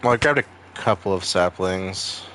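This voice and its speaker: A young man from Maine with a Maine accent talks through a game stream in a lowish voice. He rambles and swears freely between wisecracks. A faint hiss sits under his voice. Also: moderate pace, fairly bright tone. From Maine, USA. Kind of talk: casual gaming stream chat.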